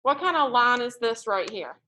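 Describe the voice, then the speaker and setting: A woman teaching a math class in a classroom, lively and joking as she tells stories to her students. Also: a little high, normal speed, a little hiss or hum.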